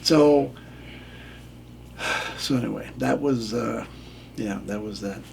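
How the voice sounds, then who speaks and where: A man's voice: medium pitch, slow, vocal fry, a little hiss or hum. An older man, a former referee, telling a candid story on a radio show in a plainspoken way and acting out what others said. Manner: plainspoken, acts out quoted lines.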